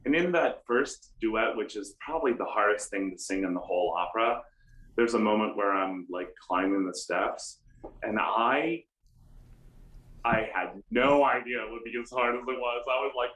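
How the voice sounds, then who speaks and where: A man's voice: fairly low pitch, normal speed. American man talking in a roomy space. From United States. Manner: animated storytelling with self-deprecating humor. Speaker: opera baritone guest. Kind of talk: conversational interview. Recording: roomy room echo.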